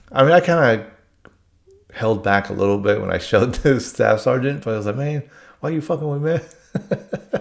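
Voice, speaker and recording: A man's voice: lowish voice, gravelly. A man telling work stories in a casual monologue, blunt and rambling, swearing freely.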